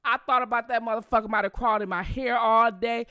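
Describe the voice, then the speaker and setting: A middle-aged woman, telling a story to her viewers in a profane, animated way. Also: on the high side, fast, smooth. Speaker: channel host.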